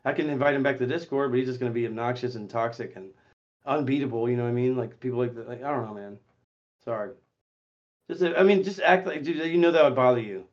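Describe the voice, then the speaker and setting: A man hosting a voice chat stream, talking in a profane, confrontational way that swings between muttering and shouting. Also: mid-range voice, fast, highs cut off. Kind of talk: heated casual voice chat.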